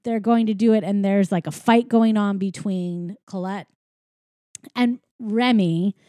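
Mellow-voiced woman casually recapping a film. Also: mid-range voice, fairly even intonation, unhurried, no echo, clean studio sound. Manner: rambling, filler-heavy storytelling.

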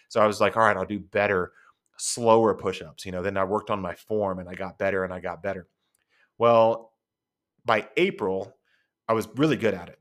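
A man's voice: fairly low pitch, a bit bright. A middle-aged man hosting a podcast, telling a personal story in a conversational, rambling way with asides. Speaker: podcast host.

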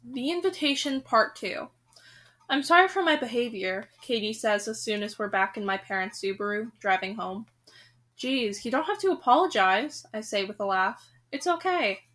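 Woman reading a novel aloud, high and bright, plain casual delivery. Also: animated, moderate pace. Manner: breaks off reading to rant, swearing and laughing; quiet, low-key aside after the break. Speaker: audiobook reader. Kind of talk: reading a novel aloud with her own reactions.

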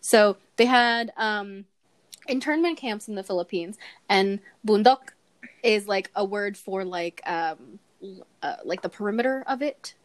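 A woman's voice: medium pitch, a little slow, dry recording. A woman co-hosting a podcast in casual chat, giggly and chatty, often hedging with fillers as she shares facts. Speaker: podcast co-host sharing facts. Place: Bay Area.

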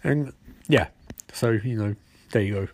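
A man hosting a show, rambling through a casual, sarcastic episode recap with quick asides. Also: on the low side, a little mellow.

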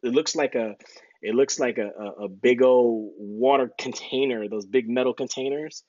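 A man of middle pitch tells his story in a relaxed, slangy podcast chat. He jumps into high, squeaky voices when quoting people and laughs through the punchlines. The sound is dry and a little dull, like a lo-fi podcast mic. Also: moderate pace, no room sound. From United States. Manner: animated storyteller, acts out quotes in high voices, laughs often. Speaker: guest. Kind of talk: casual storytelling interview.

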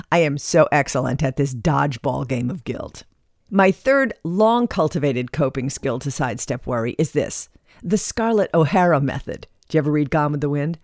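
A woman reading a scripted self-help monologue in a wry, chatty way with lively asides. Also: low-pitched, no echo, studio quality.

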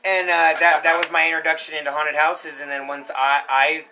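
Bright-voiced young man telling stories. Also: on the high side, fairly quick, slight background noise, rough recording. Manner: animated storyteller, acts out shouts and quotes. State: coughing. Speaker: podcast co-host. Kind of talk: casual storytelling chat.

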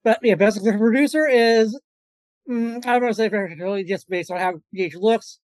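Brief: male co-host, rapid and mumbling, dry sound. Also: sits high, no room sound. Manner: rushed, mumbling around food. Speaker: podcast co-host. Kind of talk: casual podcast chat.

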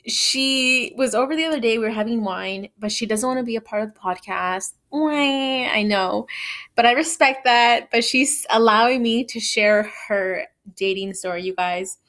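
A woman's voice: a little high, a bit bright. A woman in her twenties hosting a podcast, telling a personal story in a chatty way, full of "like" and "you know". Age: 20s. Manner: chatty, lots of "like" and "you know", laughs at herself. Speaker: podcast host. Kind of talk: casual storytelling.

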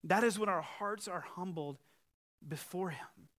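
A man's voice: high-pitched, a little slow. A male pastor preaching a sermon, emphatic, with conversational asides and rhetorical questions. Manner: emphatic, swings from loud challenge to quiet earnest appeal.

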